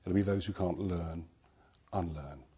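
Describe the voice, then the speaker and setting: A man giving a talk, telling a personal story in a lively storytelling manner. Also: low voice, a little slow, breathy edge. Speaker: conference speaker.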